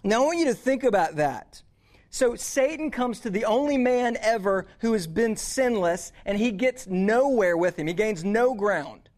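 High-voiced youth preacher. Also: male voice, lively intonation, normal speed, darkish tone. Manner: conversational, earnest, repeats words. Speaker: youth pastor. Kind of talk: sermon to teenagers.

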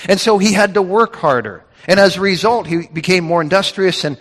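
A man's voice: high voice, expressive, fairly quick, fairly bright tone. A man preaching a sermon from scripture, with emphatic, repetitive phrasing that builds in intensity. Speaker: pastor. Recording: reverberant hall.

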